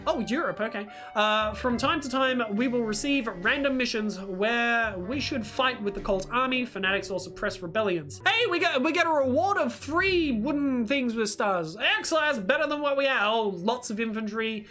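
A woman hosting a let's play, thinking aloud as she plays, excitable and swearing freely. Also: fairly high pitch, moderate pace, few pauses, soft background music. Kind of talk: gameplay commentary.

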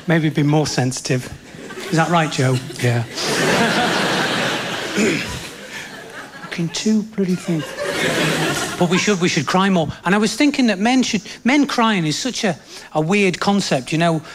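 Stand-up comic ranting on a theatre stage. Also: male voice, expressive, slow pace, long pauses. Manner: bawdy, exasperated rants with sudden high-pitched outbursts. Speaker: stand-up comedian. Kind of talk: stand-up routine. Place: theatre stage with a laughing audience. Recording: live theatre recording with loud audience noise.

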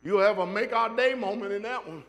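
High-voiced, fired-up preacher. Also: male voice, fairly quick, fairly bright tone. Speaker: pastor. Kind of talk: sermon. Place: church sanctuary.

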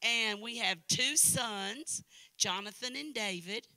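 A woman's voice: on the high side, slow, sharp tone, no room sound. Chatty, folksy woman preaching in church. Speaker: guest preacher. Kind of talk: sermon with personal anecdotes.

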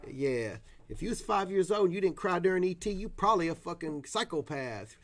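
A man's voice: high-pitched, expressive, a little fast. Rowdy, whooping man. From Tennessee. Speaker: card breaker host. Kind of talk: casual live stream chat.

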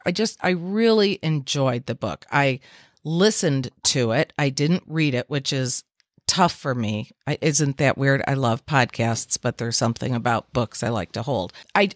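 A woman's voice: deep voice, no room sound, clean studio sound. A woman hosting a podcast interview, asking questions and praising her guests in a casual chat. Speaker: podcast host.

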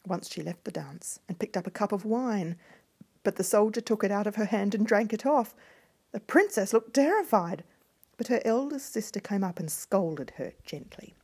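Hushed, husky woman reading a fairy tale. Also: medium pitch, lively intonation, normal speed. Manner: hushed, often dropping to a whisper. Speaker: storyteller.

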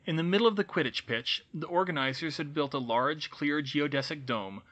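A man narrating fan fiction as an audiobook in a plain, steady way. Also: on the high side, moderate pace, lo-fi sound.

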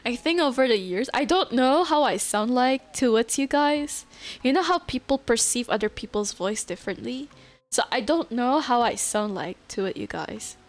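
A woman live streamer in casual chat with her viewers. She is relaxed and chatty, laughs often and answers chat messages. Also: on the high side.

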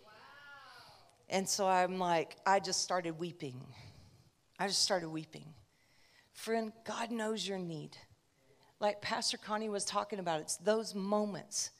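A woman's voice: medium pitch, measured pace, long pauses. A woman preacher giving a conversational sermon, telling a personal story with chatty asides.

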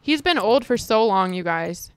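A woman giving casual, excitable commentary over her own gameplay, chatting with viewers and reacting dramatically. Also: mid-range voice, moderate pace. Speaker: gaming video creator.

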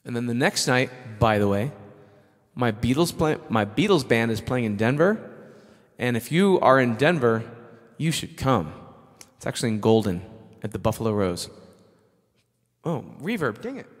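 Middle-aged male stream host, loose rambling chat, mid-pitched voice, long reverb tail. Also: very animated, normal speed. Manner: rambling, thanks viewers by name. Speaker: live-stream musician host. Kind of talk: casual chat between songs.

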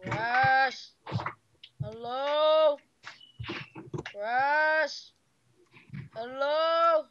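High-voiced excitable woman gamer. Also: very slow, lo-fi sound, slight background noise. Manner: excitable, panicky yelling and pleading. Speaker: gamer recording a let's-play. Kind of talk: casual gameplay chat.

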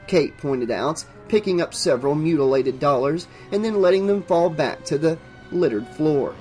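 Man narrating an audiobook, fairly high. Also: animated, moderate pace, hardly any pauses, warm tone, faint music behind.

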